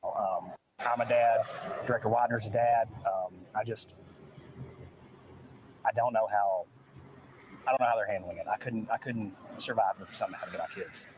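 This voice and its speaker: A man's voice: on the low side, moderate pace, pauses often, darkish tone, a little hiss or hum, low-quality recording. A man, a law enforcement officer, answering questions at an outdoor press briefing in an earnest, plain-spoken way. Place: outdoors at a search site.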